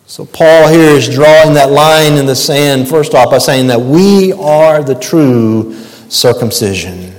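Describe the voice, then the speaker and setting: A man's voice: fairly high pitch, slow pace, darkish tone, long reverb tail, rough recording. A man preaching a sermon as pastor, emphatic and repeating key phrases for weight.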